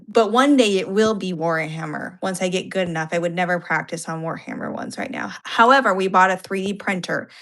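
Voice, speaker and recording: A woman's voice: mid-range voice, fairly bright tone. A woman chatting casually on a live stream from home, rambling and self-deprecating, with many fillers. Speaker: co-host of art live stream. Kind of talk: casual chat. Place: home upstairs room.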